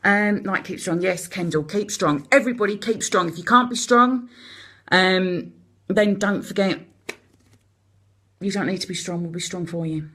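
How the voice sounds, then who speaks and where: Fast-talking Cockney woman. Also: mid-range voice, fairly bright tone. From London. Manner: rapid, chatty and encouraging. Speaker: host of a live support video. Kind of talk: casual live-stream chat.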